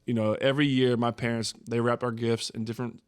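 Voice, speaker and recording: Young man, podcast host, casual storytelling, animated, mid-pitched. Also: fast, smooth, no echo, studio quality. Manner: animated storyteller, jumps to screaming impressions. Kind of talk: casual storytelling chat with brothers.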